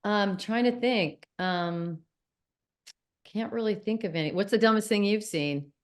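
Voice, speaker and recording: A woman's voice: medium pitch, measured pace. A woman golf coach as an interview guest, chatting easily and laughing often. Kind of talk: casual interview chat.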